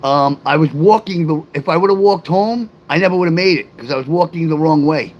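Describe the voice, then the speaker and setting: Middle-aged man, livestream host, loose rambling delivery, answers his chat out loud, faint hum underneath. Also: on the high side, a little fast, muffled recording. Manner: rambling, talks straight to chat viewers; reads and answers live comments aloud.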